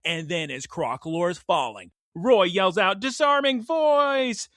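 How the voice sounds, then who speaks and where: Hyped high-voiced man recapping. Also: unhurried, dry recording, studio quality. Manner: hyped, animated storytelling. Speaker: podcast co-host. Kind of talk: excited recap of an episode.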